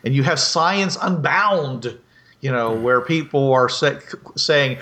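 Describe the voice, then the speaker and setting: A man's voice: medium pitch, takes it slowly, pushed and bright. A man in a casual panel chat, explaining his point with emphasis.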